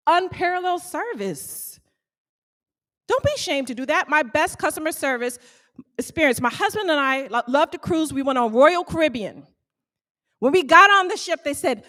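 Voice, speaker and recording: High-voiced, animated woman speaker. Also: normal speed. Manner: animated, calls out questions to the audience. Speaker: small bakery owner speaking to fellow business owners. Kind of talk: motivational talk to a live audience.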